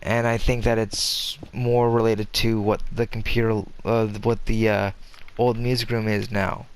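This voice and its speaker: With slight background noise behind him, a young man in a lowish voice delivers flat, measured-pace commentary as he games. His casual chat wanders, with sentences often restarted and filled out by many fillers.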